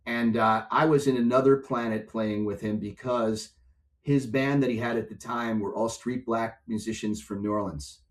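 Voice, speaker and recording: An older man, a music and software executive, telling stories as a podcast guest and acting out other people's voices. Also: medium pitch, moderate pace. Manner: animated storyteller, acts out voices in anecdotes. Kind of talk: storytelling in a podcast interview.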